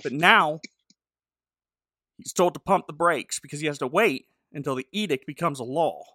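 A man's voice: a little high, expressive, moderate pace, sharp tone, dry recording, studio quality. A man co-hosting a podcast, recapping a TV episode in a sarcastic, jokey way. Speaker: podcast co-host. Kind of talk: casual chat recapping a TV episode.

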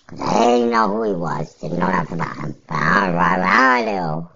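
A woman's voice: rumbling low, normal speed, gravelly, bright, forceful tone, husky, dull audio. A woman podcast host giving casual, rambling fantasy sports picks in a blunt, offhand way, with some profanity.

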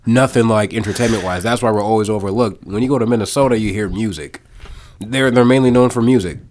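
A young man from Iowa, guesting on a casual podcast, with a low voice. He talks haltingly, repeats his words and often trails off quietly. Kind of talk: casual chat.

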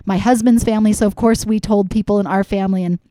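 A woman's voice: medium pitch, fairly even intonation, quick pace, dark tone, no echo, studio quality. A young adult woman chatting candidly as a podcast guest, rambling with lots of fillers. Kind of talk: casual chat.

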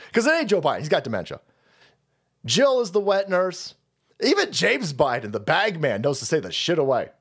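A man hosting a livestream, ranting in a profane, sarcastic way and often laughing. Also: fairly high pitch. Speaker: livestream host.

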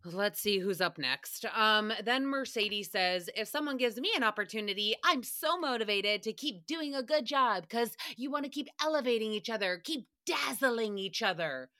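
A woman's voice: fairly high pitch, animated, normal speed, few pauses, pushed and bright, dry recording, clean studio sound. Sassy, foul-mouthed woman podcaster. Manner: sassy, profane, ranting, mock voices for quotes. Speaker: podcast host. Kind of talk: casual solo recap podcast.

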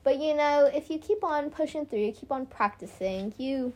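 A teenage girl with a fairly high voice co-hosts a relaxed chat show. She is playful and giggly, and she rattles off her thoughts in quick bursts. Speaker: podcast co-host. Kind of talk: casual chat.

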